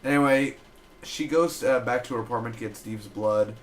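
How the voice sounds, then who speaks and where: A man giving a loose, chatty review of a TV episode, retelling scenes with quick quoted asides. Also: mid-range voice, echoey room, slight background noise. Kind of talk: casual solo review.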